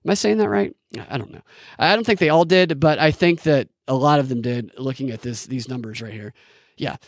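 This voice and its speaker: A man's voice: medium pitch, a little fast, no echo, clean studio sound. A man hosting a solo commentary podcast, ranting in an indignant, mocking way. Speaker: podcast host.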